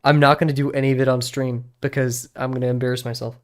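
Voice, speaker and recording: A man's voice: medium pitch, level tone, fast. Young guy in his 20s rambling on a drawing stream, laid back and self-deprecating, chuckles a lot. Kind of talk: casual stream chat.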